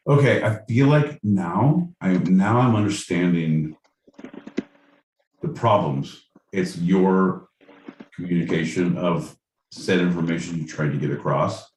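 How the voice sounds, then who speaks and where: A man's voice: deep voice, unhurried, a little mellow, recorded from a distance. A man co-hosting a comedy podcast, riffing in casual banter and mock stand-up bits, swearing freely. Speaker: podcast co-host. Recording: echoey room, off-mic, faint noise.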